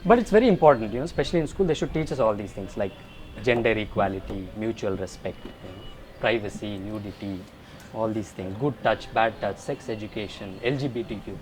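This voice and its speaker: A young man with an Indian English accent doing animated stand-up comedy, slipping into mock voices. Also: on the low side, brisk. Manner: animated storytelling, puts on mock voices for laughs. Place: school alumni event hall. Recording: live room with crowd laughter and background noise.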